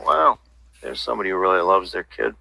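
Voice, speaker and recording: A man's voice: sits low, animated, a little fast, gravelly, bright, forceful tone, dry recording, rough recording. A man talking bluntly and at length as an interview guest, passing on inside gossip in casual livestream chat. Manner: blunt, rambling insider talk.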